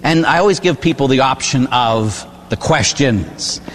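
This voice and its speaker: A man's voice: medium pitch, expressive, unhurried, in a large hall, slight background noise. An older man from Pittsburgh, a priest preaching a sermon in a folksy storytelling way, asking "huh?" and acting out voices. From Pittsburgh, USA. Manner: folksy storytelling, tag questions, acts out voices.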